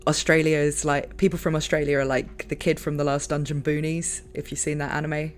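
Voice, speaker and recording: A woman with a London accent, hosting a casual stream chat, talkative and quick to laugh. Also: deep voice, flat delivery. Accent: London English. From London, England. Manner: chatty, laughs often, many fillers. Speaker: streamer host.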